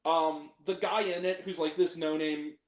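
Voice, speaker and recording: A man's voice: a little high, fairly even intonation, a little slow, roomy sound. A young man hosting a casual film review chat, ranting and swearing freely as he picks apart the movies he hated. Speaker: host.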